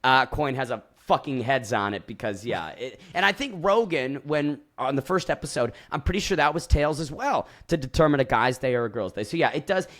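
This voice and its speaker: Male podcast co-host, casual recap talk, acts out quotes, mid pitch. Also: brisk, hardly any pauses. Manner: animated storytelling, acts out quotes, swears.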